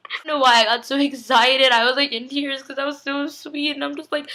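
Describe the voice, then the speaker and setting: A woman's voice: high voice, fairly even intonation, brisk, creaky, pushed and bright. A young woman chatting casually as she recaps a TV episode, rambling and gushing, with lots of "like" fillers. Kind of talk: casual chat.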